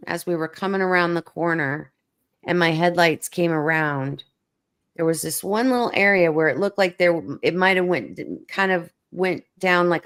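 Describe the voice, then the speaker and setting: A middle-aged woman hosting a relaxed chat. Her voice sits low, and she tells her story animatedly, stumbling over restarts. When she acts out what people said, she jumps into a higher voice. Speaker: host. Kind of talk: casual chat, telling a story.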